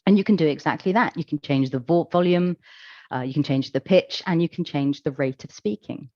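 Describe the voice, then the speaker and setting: A woman's voice: low voice, fairly quick, a little mellow, no room sound. Woman giving a tech talk, chatty explainer, dry muffled recording. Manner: explanatory, demonstrating examples, casual asides. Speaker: accessibility conference speaker. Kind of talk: conference talk.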